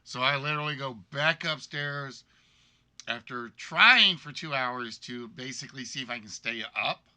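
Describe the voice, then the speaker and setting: Congested, bright-voiced man with a cold. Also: mid-range voice, a little slow. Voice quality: weakened, congested voice. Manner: rambling, apologetic storytelling. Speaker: game show host. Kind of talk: casual livestream chat.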